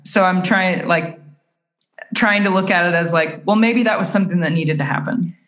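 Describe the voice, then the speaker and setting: A woman's voice: fairly low pitch, moderate pace, fairly bright tone. A woman guest on a podcast, talking casually and thoughtfully, with hesitant restarts and fillers. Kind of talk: casual chat. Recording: echoey room.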